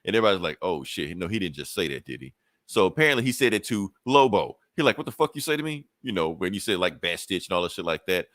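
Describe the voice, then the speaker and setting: A male comics-podcast co-host with a low, fairly bright voice speaks fast with lively intonation, in clean studio sound with no room noise. He recaps a comic book loosely, swearing a lot and voicing the characters' lines for laughs.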